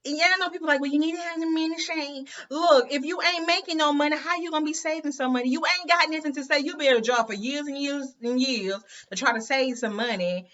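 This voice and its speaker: A woman's voice: high voice, fast talker, few pauses, fairly bright tone, lo-fi sound. A woman telling her story to viewers in a chatty, emphatic way, often calling them "you guys" and "girl". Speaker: host of an inspirational women's channel.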